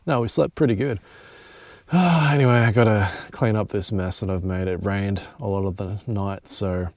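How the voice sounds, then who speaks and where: A man's voice: fairly low pitch, a little slow, a little mellow, no room sound. A young man chatting casually to camera at a bush campsite, joking and swearing now and then as he films his overnight hike. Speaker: hiking vlogger. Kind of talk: casual solo vlog to camera.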